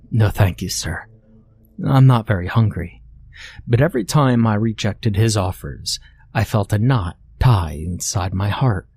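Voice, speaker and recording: A man narrating a scripted horror-comedy story in a deadpan, matter-of-fact way. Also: on the low side, husky.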